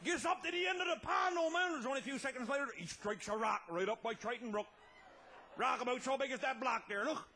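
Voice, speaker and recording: A man telling a tall tale as a comedy monologue, loud and laughing, often breaking into shouts. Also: very high voice, brisk, creaky, a little hiss or hum. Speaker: comic storyteller.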